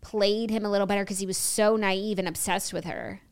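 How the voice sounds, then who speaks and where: A woman's voice: mid-range voice, fairly even intonation, a little fast, clear, resonant tone. A woman hosting a casual book club podcast, chatty and full of fillers. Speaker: podcast host.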